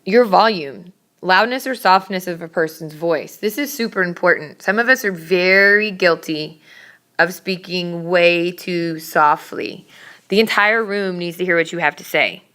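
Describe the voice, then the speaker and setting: Female teacher lecturing a class, emphatic and a little scolding, slightly low and smooth. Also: moderate pace, pushed and bright. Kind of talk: classroom lecture on public speaking.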